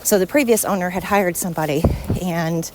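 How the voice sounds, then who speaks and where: A woman's voice: on the low side, a little fast, background noise. A woman hosting a podcast, talking at home in a frank, rambling monologue as she vents. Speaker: podcast host. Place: at home with her dog.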